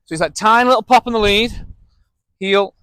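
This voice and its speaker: A man with a fairly high-pitched voice explains how to train a dog, talking straight to the camera as he walks the dog through each step. His tone is direct and practical. The recording is close and dry, with little room sound. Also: quick pace, fairly bright tone, no echo. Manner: direct and instructive, talking to camera while demonstrating. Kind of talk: hands-on training demonstration.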